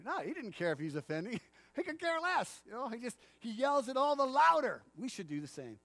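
A man with a high voice delivers a sermon, animated and playful, and he acts out the quotes he tells and laughs often. The sound is close and dry, with no room echo. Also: fairly quick. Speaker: pastor. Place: church.

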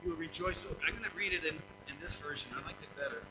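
Older male pastor, high-voiced, emphatic sermon delivery, noisy church recording. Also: racing. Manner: animated, emphatic, acts out quotes, chuckles.

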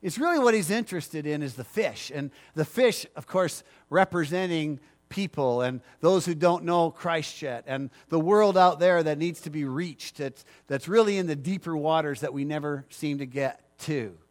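A man's voice: fairly high pitch, moderate pace, hardly any pauses. A middle-aged male pastor preaching a sermon, emphatic and repetitive, asking the congregation for agreement.

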